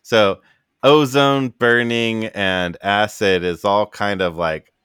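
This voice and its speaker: A man runs a tabletop game in a deep, low voice. His narration wanders and hedges, full of filler words as he builds the scene. The sound is dry and close, with no room in it. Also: steady tone, takes it slowly, fairly bright tone, smooth, no room sound. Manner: loose, hesitant narration with many fillers. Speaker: game master.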